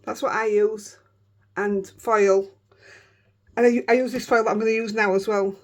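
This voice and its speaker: A woman with a Yorkshire accent, a crafting vlogger chatting excitedly and rambling through a casual show-and-tell. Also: mid-range voice, normal speed. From Yorkshire, England.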